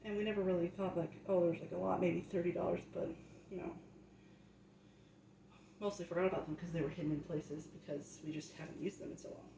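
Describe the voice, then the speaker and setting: A woman's voice: lowish voice, fairly even intonation, brisk, creaky, warm tone. A young woman at home, telling a faith story in chatty, casual talk that grows fervent and preachy, often asking "right?". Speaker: vlogger sharing a faith testimony. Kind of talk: casual testimony turning to preaching. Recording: echoey room, faint background noise.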